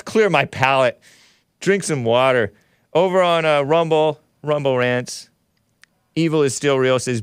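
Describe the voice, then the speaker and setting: Male call-in show host, animated and wry, mid pitch, dry close-miked sound. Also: clear, resonant tone, dry recording. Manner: animated, laughing, sighing, groaning in disgust. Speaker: show host reading super chats. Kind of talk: casual live-stream talk.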